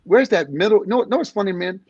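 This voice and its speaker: A comedian in his sixties talking in an animated interview, acting out little scenes in different voices. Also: high voice, a little fast, husky, no echo, highs cut off. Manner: energetic storyteller acting out voices. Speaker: comedian guest.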